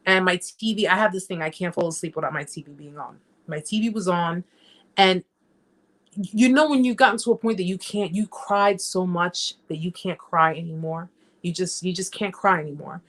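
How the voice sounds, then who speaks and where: A woman's voice: on the low side, moderate pace, a bit bright. A woman hosting a casual live-stream chat. She reads viewer comments aloud, talks straight to her viewers, and repeats phrases for emphasis.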